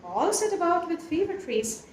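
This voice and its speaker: A woman's voice: very high-pitched, big pitch swings, normal speed. A woman voicing a curious, very polite young male elephant calf in a storybook reading. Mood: eager. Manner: eager, very polite. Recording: echoey room, faint noise.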